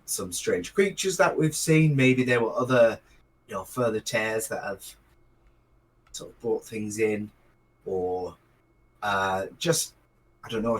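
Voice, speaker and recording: A man's voice: medium pitch, rough recording. A man running a tabletop role-playing game as game master, talking hesitantly with many fillers and restarts. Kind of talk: narrating a tabletop game and voicing a mage.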